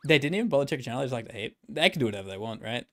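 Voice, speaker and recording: A man's voice: medium pitch, lively intonation, very fast, fairly bright tone. A man streaming about gacha games in a casual, rambling way, joking and swearing freely. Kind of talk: casual livestream commentary. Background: faint background music.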